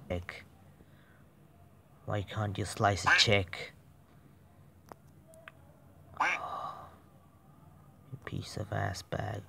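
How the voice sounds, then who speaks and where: Speaking very slowly with frequent pauses and vocal fry, this lowish-voiced man sounds bright and forceful over slight background noise. He's a mobile gamer narrating his play in frustration, cursing constantly and veering between whispered mutters and abrupt yelps.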